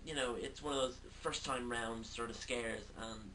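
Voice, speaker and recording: A man's voice: mid-range voice, fairly even intonation, normal speed. A man giving a casual video film review, talking hesitantly with many fillers. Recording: distant mic, faint background noise.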